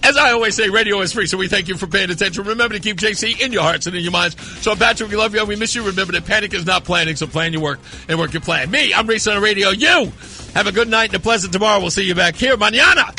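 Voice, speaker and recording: On a call-in radio talk show, a man hosts and argues insistently with a caller, hammering the same points again and again. His voice is high, rapid-fire, pushed and bright, picked up by a studio mic.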